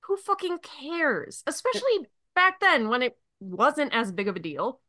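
Animated, bright-voiced woman ranting on a podcast. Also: high voice, measured pace, no room sound, studio quality. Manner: profane, ranting, laughs often. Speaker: podcast co-host. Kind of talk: casual podcast chat.

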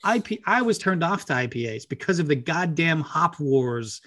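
A man in his thirties, sitting fairly high for a male voice, rants through a casual podcast chat. He swears freely, lets sarcasm and mock outrage carry his lines, and keeps the banter loose. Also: expressive, moderate pace, fairly bright tone. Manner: ranting, sarcastic, swears a lot. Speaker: podcast co-host.

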